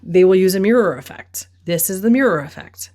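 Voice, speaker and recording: A woman telling a personal story on her vlog from her desk, expressive and acting out her own reactions. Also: medium pitch, fairly quick. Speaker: vlogger.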